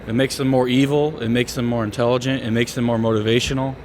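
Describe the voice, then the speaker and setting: A man's voice: medium pitch, fairly even intonation, a little mellow, slight background noise. Profane, emphatic gym-bro man. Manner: profane, emphatic, fast-talking. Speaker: bodybuilder vlogger. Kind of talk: casual gym chat.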